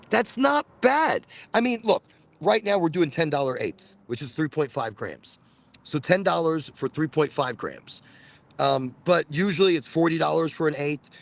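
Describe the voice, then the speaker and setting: A man's voice: fairly high pitch, creaky. A man hosting a live cannabis podcast, chatting casually and rambling, often repeating words as he tells stories. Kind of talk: casual livestream chat. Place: Florida.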